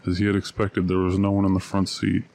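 A man reading a story aloud at a steady, measured pace. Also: deep voice, vocal fry. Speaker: narrator. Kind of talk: audiobook reading.

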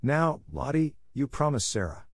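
A man voicing a spirited, kindly young schoolgirl who speaks in a steady, coaxing way, in a dry recording. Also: a little high, moderate pace, vocal fry, no room sound, pitched above the performer's own voice. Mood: soothing.

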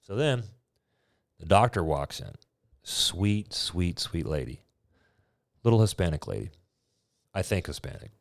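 Deep-voiced young man telling a story. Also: unhurried, creaky, long pauses, no echo. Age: 20s. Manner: animated, acts out quoted dialogue. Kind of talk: casual storytelling.

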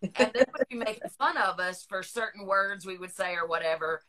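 A woman's voice: mid-range voice, moderate pace, bright, forceful tone. A middle-aged woman with a Southern US accent, hosting a podcast in a chatty, rambling casual conversation, laughing often. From Northern Virginia, USA. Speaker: podcast host. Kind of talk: casual chat.

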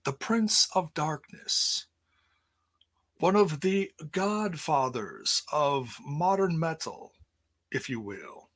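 A man in his forties hosts a livestreamed podcast with a bright, forceful tone. He talks slowly and playfully and often restarts his sentences in loose, casual chat. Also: a little high. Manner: playful, rambling, with many restarts. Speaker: podcast host. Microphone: streaming setup.

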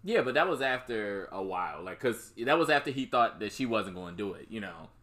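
A man's voice: lowish voice, sing-song, a little fast, a bit bright. A man casually recapping a movie plot for a co-host, rambling and swearing, with many fillers and restarts. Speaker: podcast co-host.

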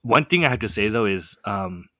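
A young man telling a story in a casual chat, animated and full of fillers. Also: on the low side, moderate pace, dry recording, clean studio sound. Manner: animated, many "like" fillers, laughs often. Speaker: podcast guest telling a story.

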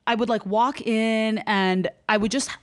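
A woman telling a personal story in casual chat, animated and acting out what people said. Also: a little high, measured pace, no echo, studio quality. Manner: animated storyteller who acts out quotes.

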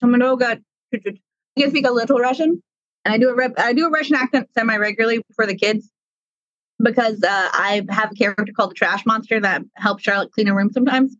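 A woman's voice: medium pitch, fast talker, fairly bright tone, no echo, dull audio. A woman guest on a podcast, chatting casually and enthusiastically with lots of fillers. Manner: enthusiastic, rambling, hedging with fillers.

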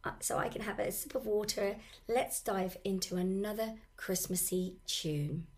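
A woman's voice: mid-range voice, normal speed, darkish tone. A woman hosting a podcast with a sore throat, chatting casually through announcements and stumbling over her words. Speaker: podcast host.

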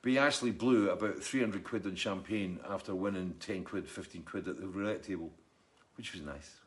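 A man's voice: deep voice, fairly quick. A middle-aged man, casually chatting and telling rambling stories while reading out viewer comments on a live stream. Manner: rambling storyteller, chatty and jokey. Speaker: musician hosting a live stream.

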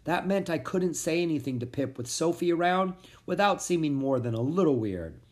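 An expressive narrator reading a children's chapter book aloud. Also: medium pitch, normal speed. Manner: expressive, animated storytelling. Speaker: audiobook narrator.

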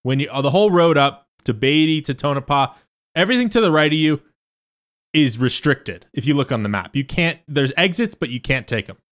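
A man, a stand-up comedian, casually telling a rambling story, swinging between loud asides and muttered remarks with loose, profane phrasing. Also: a little high, lively intonation, a little fast. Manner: loose and profane, lots of fillers and restarts.

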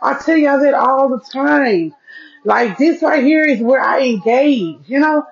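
A woman with a fairly high voice talks slowly and easily to her listeners, sprinkling her talk with "y'all" and "okay?". Her sound is dull and lo-fi, picked up by a mic at her ear. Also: gravelly. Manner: chatty, folksy, leans on "okay?" and "y'all". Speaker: podcast host. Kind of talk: casual solo podcast chat. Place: seated at home with devices. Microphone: earpiece mic.

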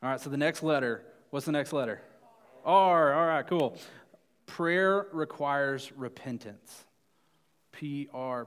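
A man's voice: medium pitch, a bit bright, clean tone, big-room sound. A young man giving a casual youth sermon, telling a family story and often checking in with "right?". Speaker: youth pastor.

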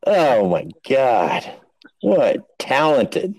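A man's voice: medium pitch, big pitch swings, extremely slow, a little mellow, breathy edge, poor audio. A man hosting a podcast in casual chat, swearing and running himself down. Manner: swearing, self-deprecating. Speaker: podcast host.

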